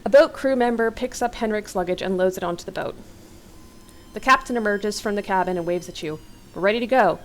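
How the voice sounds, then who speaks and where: A woman's voice: mid-range voice, fairly quick, a little hiss or hum, low-quality recording. A young adult woman reading an interactive horror novel aloud as a let's-play host, with casual, wry asides.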